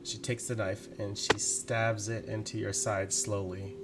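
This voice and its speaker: A man narrating as game master in a tabletop game, in a slow, deliberate way with frequent laughs. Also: fairly low pitch, level tone, loud music behind the voice.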